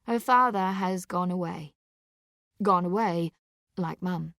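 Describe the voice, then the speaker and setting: A woman narrates a dark story with intense, deliberate delivery. She takes her time, letting each short phrase land. The sound is dry and close, with no room around it. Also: fairly low pitch, no echo.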